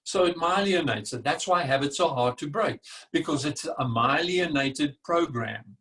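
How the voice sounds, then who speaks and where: An older man giving a motivational talk on stress, emphatic and animated, acting out what the brain says, heard a little away from the mic. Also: on the high side, normal speed. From South Africa. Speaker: speaker. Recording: distant from the mic.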